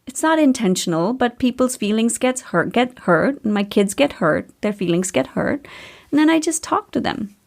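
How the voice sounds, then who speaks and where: A woman's voice: fairly high pitch, lively intonation, normal speed, gravelly. A woman in her thirties hosting a podcast, talking candidly and casually with a storyteller's chatty flow. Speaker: podcast host and coach.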